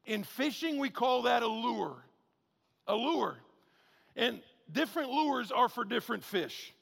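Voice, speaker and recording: A male pastor preaches a sermon in a high, bright voice full of gravelly fry, sounding expressive. He keeps things conversational, drives points home with near-shouts, then drops into low, quick asides, while a big hall's long reverb trails every phrase.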